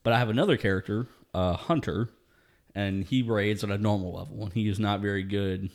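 Man, low register, relaxed storyteller, profane, chuckles a lot. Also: a little fast. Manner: laid-back, profane, laughs often while telling a story. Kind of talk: casual storytelling chat.

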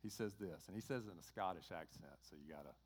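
A pastor with a Southern US accent from Georgia preaches a sermon conversationally, acting out bits of dialogue in lively voices. His voice is low and fast, with a little hiss or hum, and a long hall reverb surrounds it.

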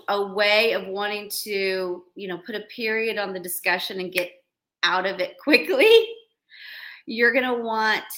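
A woman who counsels couples, giving earnest advice on a podcast in a slow, reflective way with light laughs. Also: medium pitch, sharp tone. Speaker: podcast host and couples therapist.

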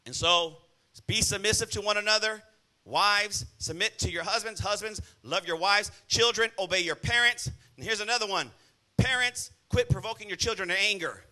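A male pastor with a high-sitting, sharp voice preaches a church sermon at a moderate pace. He's blunt and scolding, frequently calling on the congregation for an "amen."

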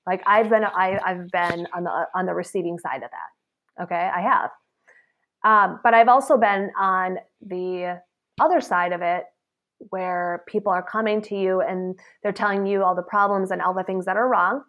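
A woman from the salon trade, with a fairly low pitch and moderate pace, gives an earnest, chatty motivational talk sharing advice, heard through a muffled recording. She keeps checking in with "okay?" and "right?" and acts out the remarks she quotes.

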